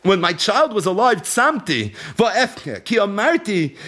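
Animated, high-voiced man teaching Torah. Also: a little slow, few pauses. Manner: animated storytelling, reads verses then translates; acts out quotes with sudden high exclamations. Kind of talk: Torah lesson.

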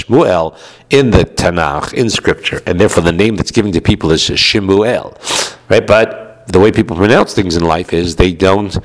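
Deep-voiced man teaching a text lesson. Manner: patient, repeats points and checks in with "right?". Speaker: rabbi teaching Jewish law. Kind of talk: explanatory text-study lecture.

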